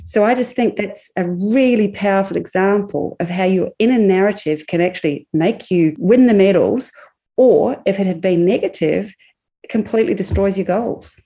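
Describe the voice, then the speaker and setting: A woman coaching mental skills as a podcast guest, explaining things in a calm, encouraging way. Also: mid-range voice, moderate pace. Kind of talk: casual podcast chat.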